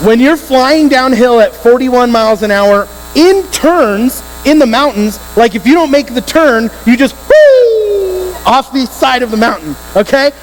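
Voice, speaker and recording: A man preaching to a youth group, telling a story in an animated, emphatic way and speaking straight to the teens. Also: very high voice, normal speed, few pauses. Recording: hall reverb with faint electrical hum.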